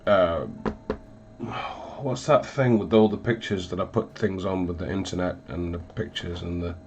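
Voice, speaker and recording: A man runs a casual painting livestream from a hot home hobby room with the windows shut. His voice is deep and fairly even, at a moderate pace, and he's congested while getting over an illness, rambling with plenty of ums and self-deprecating remarks.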